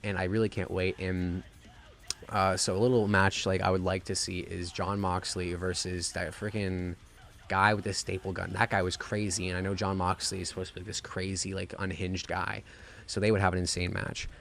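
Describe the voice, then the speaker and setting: Low-voiced profane excited man. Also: normal speed, creaky, slight background noise. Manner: profane, rambling, gushing. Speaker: wrestling reviewer. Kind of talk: excited casual review.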